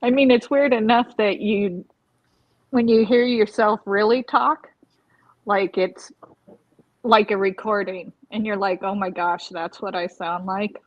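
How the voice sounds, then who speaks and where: A woman's voice: medium pitch, steady tone, measured pace, lo-fi sound. A woman chatting on a casual late-night livestream, laughing easily.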